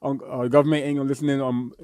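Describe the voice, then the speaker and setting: A man's voice: medium pitch, flat delivery, racing, darkish tone, clean tone, dry recording, studio quality. Rambling young man podcasting. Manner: rambling, joking, full of fillers and restarts. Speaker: podcast co-host. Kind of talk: casual chat.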